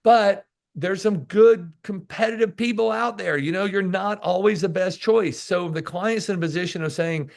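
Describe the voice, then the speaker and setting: Gravelly, animated man telling stories. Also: high voice, normal speed. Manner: animated storyteller who acts out what people say; emphatic and preachy, repeats key words. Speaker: podcast guest, sales author. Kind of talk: casual interview conversation.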